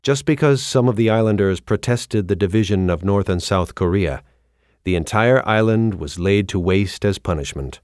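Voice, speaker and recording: Deep-voiced man, solemn documentary narration. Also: moderate pace, a little mellow, dry recording, studio quality.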